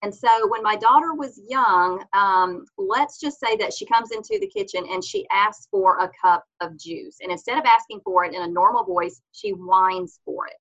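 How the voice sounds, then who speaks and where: A woman guest on a faith-based parenting podcast, explaining earnestly and acting out the gentle words she says to her children. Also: mid-range voice, sing-song, normal speed, creaky, few pauses, dull audio. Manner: earnest, explanatory, acts out mother-child dialogues.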